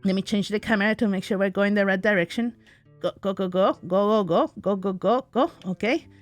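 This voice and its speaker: A woman doing let's play commentary, excitable, talking to herself with shrieks and laughs. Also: mid-range voice, fairly quick, dry recording, faint music behind. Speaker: gaming streamer.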